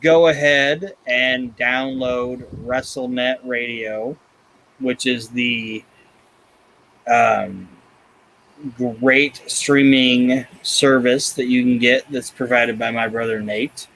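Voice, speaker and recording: A man's voice: mid-range voice, steady tone, slow, a bit bright, a little hiss or hum, rough recording. A man hosting a podcast in blunt, profane, casual chat. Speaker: podcast host.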